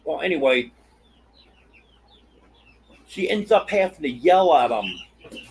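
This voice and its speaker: A man hosting a casual live stream from his homestead, hoarse as his voice gives out, telling folksy stories and answering chat. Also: a little high, big pitch swings, slow pace, a little mellow, a little hiss or hum, rough recording. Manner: folksy storytelling, replies to chat. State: voice giving out, hoarse. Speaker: livestream host.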